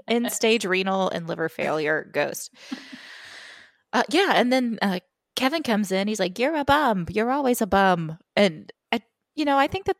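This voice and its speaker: A woman co-hosting a podcast in casual, animated chat, giggling often. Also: medium pitch, vocal fry, no echo, studio quality. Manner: animated, giggly, quick asides. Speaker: podcast co-host.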